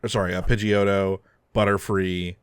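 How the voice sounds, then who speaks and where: A man's voice: low voice, level tone, normal speed, smooth, dry recording, clean studio sound. A man co-hosting a casual gaming podcast, rambling and joking as he chats. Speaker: podcast co-host.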